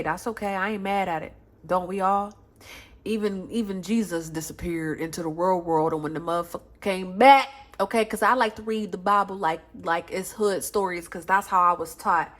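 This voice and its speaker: A woman giving a casual pick-a-pile tarot reading to her viewers, talking in slang and swearing, swinging from loud and emotional to soft and soothing. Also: on the low side, fairly quick. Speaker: tarot reader.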